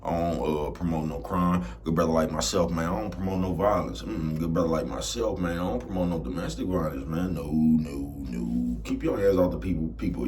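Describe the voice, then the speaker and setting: A vlogger with a low voice rants casually to the camera over some background noise, laid-back and streetwise. He keeps asking "you know what I'm talking about," and he gets loud and heated.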